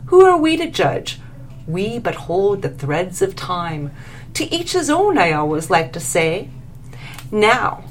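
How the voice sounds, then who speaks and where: A woman's voice: mid-range voice, big pitch swings, slow, a little hiss or hum. A woman voicing an eager, gushing, genteel female divine being in a read-aloud story. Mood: soothing.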